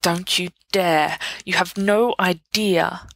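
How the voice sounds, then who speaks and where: A quick-tempered teenage wizard, voiced by a woman reading the story speaks in a low, tight voice. He sounds scornful and ready to fight. The sound is close and dry. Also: fairly even intonation, vocal fry, a bit bright, dry recording, full character voice. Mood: angry.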